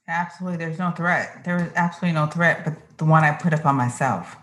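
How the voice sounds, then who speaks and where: A woman's voice: deep voice, quick pace, fairly bright tone. A woman hosting a podcast interview, enthusiastic and affirming in casual chat. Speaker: podcast host.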